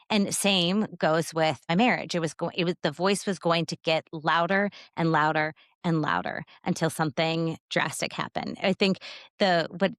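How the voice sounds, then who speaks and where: A woman's voice: low voice, no room sound, clean studio sound. A woman hosting a podcast, agreeing with her guest and reflecting on her own story. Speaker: podcast host. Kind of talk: casual podcast conversation.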